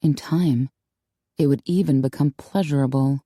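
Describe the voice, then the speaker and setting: A woman reads a novel aloud as an audiobook narrator, calm and measured. Her voice is low and mellow. The close studio mic gives a dry sound with no room. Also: dry recording. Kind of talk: scripted narration.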